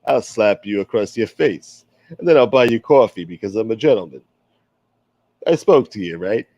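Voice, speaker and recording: A man putting on a gruff old-school mobster who keeps calling himself a gentleman, menacing yet mock courteous. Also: fairly low pitch, expressive, moderate pace, dry recording, voice pushed down.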